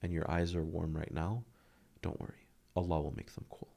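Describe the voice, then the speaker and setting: Deep gravelly earnest man in his thirties. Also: flat delivery, normal speed, mellow. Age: 30s. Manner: earnest, heartfelt, drops to a near whisper at tender moments. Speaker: podcast guest. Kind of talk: emotional interview talk.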